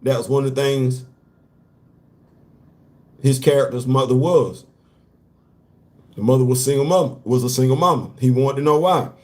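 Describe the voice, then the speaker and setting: A man's voice: mid-range voice, moderate pace, long pauses, a little mellow. A man hosting a casual comic-book commentary show, talking animatedly in slang, repeating his points and laughing often. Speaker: host.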